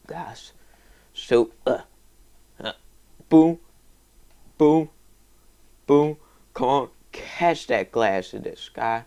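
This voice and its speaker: A man rambling through a relaxed let's-play, his voice gravelly and unhurried. His pitch swings widely, and he breaks into high yelps and whoops. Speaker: gaming video host. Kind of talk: casual let's-play commentary.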